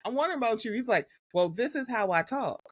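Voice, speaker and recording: Animated high-voiced woman hosting a podcast. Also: fast, slightly rough, no room sound. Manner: animated, sassy storytelling. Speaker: podcast host. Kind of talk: casual podcast chat.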